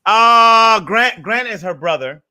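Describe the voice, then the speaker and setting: Casting: male guest, very bright piercing tone, earnest rambling talker. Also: high-pitched, animated, takes it slowly. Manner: earnest, rambling, repeats words. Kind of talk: casual chat.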